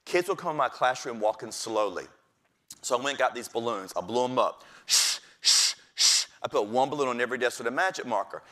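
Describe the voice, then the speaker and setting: A middle-aged man, a teacher, telling stories from his classroom with lively delivery and acting out the voices of kids and his principal. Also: mid-range voice, quick pace. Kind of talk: storytelling talk.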